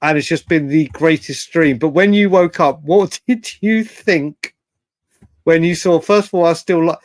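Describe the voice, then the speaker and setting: A man hosting a late-night live fan stream, rambling and excitable, thanking chat viewers by name. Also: on the high side, normal speed, dry recording. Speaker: fan channel host.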